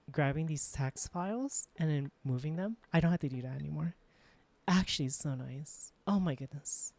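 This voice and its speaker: A woman streaming live, chatting casually while she works, excitable and full of exclamations as she greets her chat. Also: low voice. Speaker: live streamer and world creator.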